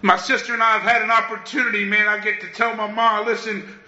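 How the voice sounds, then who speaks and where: A high-voiced man talks quickly and flatly, his tone pushed and bright, while sharing openly and emphatically at a recovery meeting. He keeps dropping "man" and "listen"; the dull, lo-fi recording echoes around the room with slight background noise.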